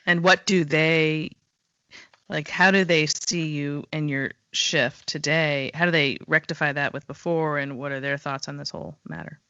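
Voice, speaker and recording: A woman's voice: low-pitched, steady tone, moderate pace, bright, forceful tone, clean tone, dry recording. A woman hosting a podcast, asking interview questions and listening closely with brief affirmations. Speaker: podcast host. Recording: muffled lo-fi audio.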